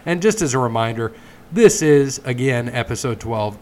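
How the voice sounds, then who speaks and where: A man's voice: mid-range voice, animated, moderate pace. A man hosting a casual sports podcast, chatting and reading sponsor plugs in a loose, joking way. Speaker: podcast host.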